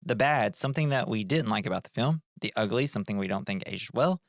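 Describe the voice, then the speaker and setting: A man's voice: on the low side, lively intonation, fast, dry recording, studio quality. A man co-hosting a movie podcast, chatting casually in a laid-back, joking way. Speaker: podcast co-host. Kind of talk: casual chat.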